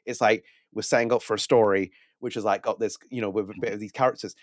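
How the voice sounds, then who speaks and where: A man's voice: on the low side, fairly even intonation, fast, no room sound, studio quality. A man co-hosting a podcast, reviewing a game in casual chat, rambling with restarts and quoted asides. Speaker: podcast co-host.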